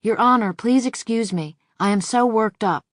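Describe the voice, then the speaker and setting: A woman's voice: fairly high pitch, normal speed, no room sound, clean studio sound, lightly acted. A woman narrating an audiobook, reading the lines of a trembling male witness who pleads meekly for mercy. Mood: pleading. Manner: meek, pleading.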